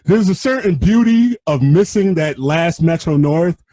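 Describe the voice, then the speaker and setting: A man's voice: on the high side, lively intonation, measured pace, warm tone, rough recording. A man in a casual chat, chiming in with asides and questions.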